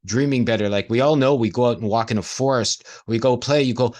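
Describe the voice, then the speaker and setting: A man's voice: medium pitch, a little fast, hardly any pauses, a little mellow. A man in casual conversation, talking reflectively and playing on the sounds of words.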